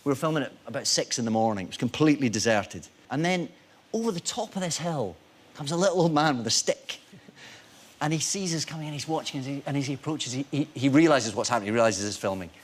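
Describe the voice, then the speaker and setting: A man's voice: medium pitch, fast. A man, an actor guest on a talk show, telling anecdotes in a self-deprecating way. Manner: animated storyteller, self-deprecating. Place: TV studio.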